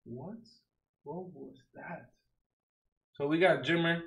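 Young man, casual unboxing chat, slangy and wisecracking, unhurried delivery, slightly high voice, echoey room. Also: creaky, a bit bright. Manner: slangy, wisecracking, mock-outraged. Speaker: card unboxing streamer.

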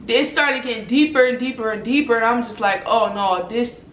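A young woman vlogger telling a personal story to viewers in a casual, animated way, full of swearing and "y'all". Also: fairly high pitch, a little fast, slight background noise. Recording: roomy echoey room.

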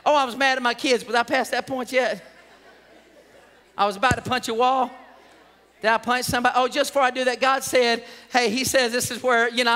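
Man, pastor, animated sermon, hollering, tense bright voice, reverberant sanctuary. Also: very high-pitched. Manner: hollering, animated, laughing often. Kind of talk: energetic comedic sermon. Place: church sanctuary. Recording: long hall reverb.

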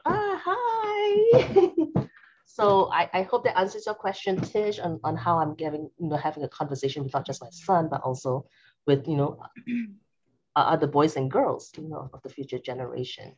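A woman speaking in a halting, hesitant way as a panel guest. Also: sits low, animated, darkish tone. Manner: halting, hesitant, many fillers. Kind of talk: casual panel talk. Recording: dull, slightly noisy recording.

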